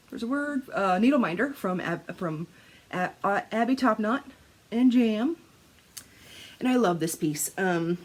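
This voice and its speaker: A woman, chatting casually to camera as a crafting vlogger, telling stories with laughs, swearing and acted-out quotes. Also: medium pitch. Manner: animated storytelling, swearing, laughing, acting out quotes.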